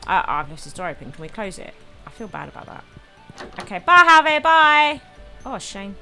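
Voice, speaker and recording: A woman's voice: deep voice, fast talker, vocal fry. Chatty woman playing a farm game. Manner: chatty, giggly, easily delighted. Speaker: gaming video host. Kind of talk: casual let's play commentary. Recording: game music under voice. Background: game music.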